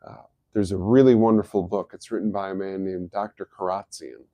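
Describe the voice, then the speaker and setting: A man's voice: low voice, fairly even intonation, fairly quick, dark tone, no room sound, clean studio sound. A middle-aged man hosting a live health talk, explaining in an easygoing, casual way. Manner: easygoing, explanatory, chuckles at his own jokes. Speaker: host of a health live stream.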